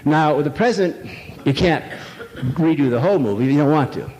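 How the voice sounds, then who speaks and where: Older man, lecturing a live audience, rambling jokey delivery, slightly high voice, long hall echo. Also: animated, brisk, a little mellow. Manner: irreverent, rambling, jokey storytelling with many fillers. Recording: echoey hall, faint noise.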